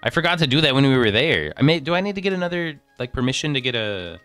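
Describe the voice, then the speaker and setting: Bright-voiced young man rambling over a game. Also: medium pitch, sing-song, fast, clean tone, no echo, soft background music. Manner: rambling, thinking aloud, self-deprecating. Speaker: game streamer. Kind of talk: casual gameplay commentary. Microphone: desk microphone.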